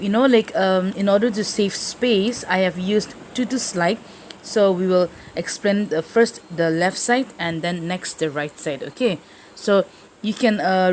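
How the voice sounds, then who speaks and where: A woman's voice: medium pitch, slight background noise, poor audio. A woman teacher explaining a play to her class, often checking in with the listeners and using fillers. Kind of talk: literature lesson explanation.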